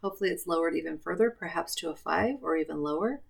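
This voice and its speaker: Calm woman coaching a tapping session. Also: fairly low pitch, fast talker, gravelly, slightly rough. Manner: calm, repetitive affirmation phrasing.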